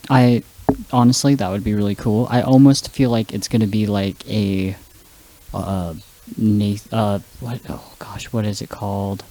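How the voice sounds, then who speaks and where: Low-voiced rambling man. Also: fairly even intonation, a little slow, warm tone. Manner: rambling, loses words mid-story. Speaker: podcast co-host. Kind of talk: casual chat.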